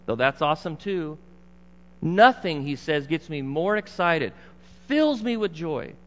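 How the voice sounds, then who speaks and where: Middle-aged male pastor, slightly high voice, emphatic conversational sermon, muffled recording with long hall reverb. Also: fairly bright tone, slight background noise. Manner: conversational, emphatic preaching with asides to the congregation.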